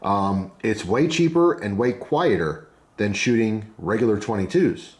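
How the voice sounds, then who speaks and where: Guy rambling about knives n gear, kinda low voice, opinionated, lots of asides, echoey room. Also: lively intonation, unhurried, darkish tone. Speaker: knife reviewer. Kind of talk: casual product ramble. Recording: roomy echo.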